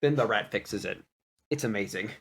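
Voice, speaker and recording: A young man casually retelling a tabletop game session, animated and laughing as he goes. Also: lowish voice, moderate pace, slightly rough. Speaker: player recapping a campaign. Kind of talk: casual storytelling recap.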